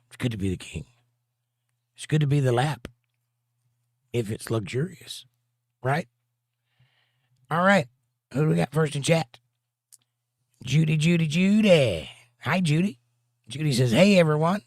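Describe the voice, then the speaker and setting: A man's voice: fairly high pitch, normal speed, pauses often, no echo, studio quality. A man hosting a casual livestream, joking around and reading viewers' chat messages aloud. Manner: jokey, reads chat aloud. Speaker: host.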